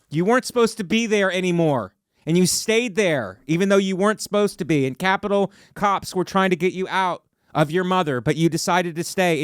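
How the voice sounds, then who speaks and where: A man's voice: fairly high pitch, clean tone, no room sound, clean studio sound. A man in his forties hosting a podcast alone, ranting sarcastically and building to mock outrage. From Ohio. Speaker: podcast host. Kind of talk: solo comedic rant. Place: podcast studio.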